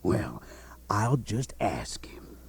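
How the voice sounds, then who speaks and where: An old conman in a radio drama, full of pompous, preachy airs. He drawls slowly, in a dark, mellow tone, and his pitch swoops wildly from low to high. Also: sing-song, dry recording, exaggerated voice. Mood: unctuous. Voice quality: pompous, theatrical preaching delivery. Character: old male swindler posing as a grieving English brother.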